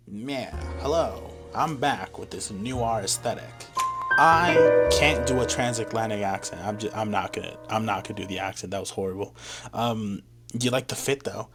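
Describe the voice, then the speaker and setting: A man's voice: on the low side, normal speed, fairly bright tone, slight background noise. A young man giving blunt, self-mocking commentary as a music reviewer in a casual vlog.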